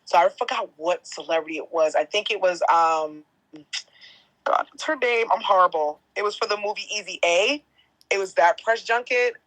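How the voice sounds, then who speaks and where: Animated woman in her thirties. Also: mid-range voice, moderate pace, rough recording. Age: 30s. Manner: animated storyteller, swears casually. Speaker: guest, entertainment host. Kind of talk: casual podcast interview.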